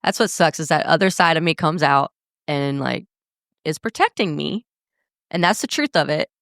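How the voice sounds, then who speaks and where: A woman's voice: deep voice, expressive, normal speed, vocal fry, fairly bright tone, dry recording, clean studio sound. A young woman hosting a podcast, talking in a candid, blunt way and swearing freely in a casual monologue. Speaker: podcast host.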